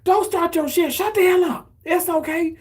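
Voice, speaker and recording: Brash sassy mom, high and bossy, tells her husband to hush; a man imitating her. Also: fairly even intonation, normal speed. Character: brash, sassy middle-aged mother, gambling buddy.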